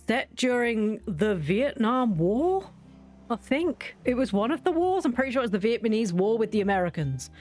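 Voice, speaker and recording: A woman chatting casually while she plays a video game, rambling and often restarting her sentences. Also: mid-range voice. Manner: chatty, rambling, self-interrupting. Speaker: gaming channel host. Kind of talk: casual let's-play commentary.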